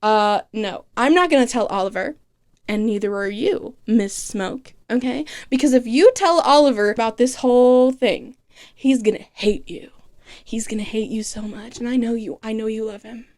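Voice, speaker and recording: Woman doing a scheming rich mother, hushed half-whispered warnings, slightly high voice. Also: animated, normal speed.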